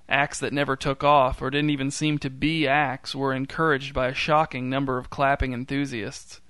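Male narrator, mid pitch, dry deadpan delivery, clean dry studio read. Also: clear, resonant tone, no room sound. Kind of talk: scripted story narration.

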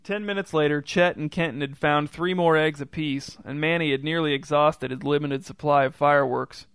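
A man reading a story aloud in an even, measured way. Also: fairly high pitch, smooth, no room sound. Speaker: narrator.

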